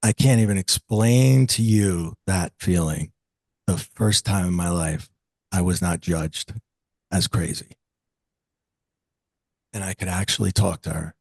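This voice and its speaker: A man in his late forties, an interview guest, telling a personal story in a lively conversational way and acting out the voices of the people in it. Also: deep voice, unhurried, gravelly, pauses often, husky, dry recording. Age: 40s. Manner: animated, acts out quoted dialogue.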